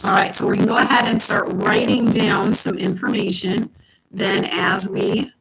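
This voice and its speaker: A woman's voice: mid-range voice, steady tone, normal speed, vocal fry, noisy background. Patient woman teaching chemistry online. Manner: explaining steps patiently with frequent ums. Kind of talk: online class lecture. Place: at home. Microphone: home computer mic on a live stream.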